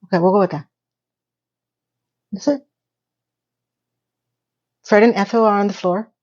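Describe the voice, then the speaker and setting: A woman's voice: mid-range voice, steady tone, unhurried, a little mellow. A woman in a casual TV recap vlog, rambling in a sarcastic, playfully exasperated way. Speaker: TV recap YouTuber. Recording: slightly dull lo-fi audio.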